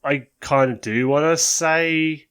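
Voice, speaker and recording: A man's voice: on the high side, takes it slowly, fairly bright tone, clear, resonant tone. A man co-hosting a podcast in casual chat, jokey and self-deprecating, laughing often. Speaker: podcast co-host.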